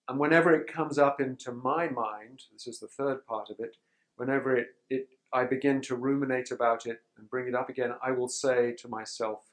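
A man giving a conference talk to pastors in a sermon tone, measured and reflective, often pausing to clear his throat. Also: medium pitch, low-quality recording. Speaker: speaker teaching pastors on forgiveness.

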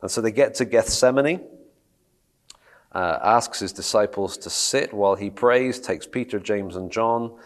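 Low-voiced man leading a Bible study. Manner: reads scripture aloud and asks the group questions. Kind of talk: conversational Bible teaching.

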